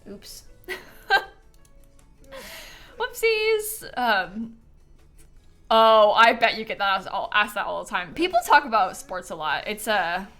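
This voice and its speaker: Bright, lively woman streamer chatting. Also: mid-range voice, unhurried, soft background music. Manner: chatty, giggly, answers chat questions. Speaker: streamer playing a life-sim game. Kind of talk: casual live-stream chat.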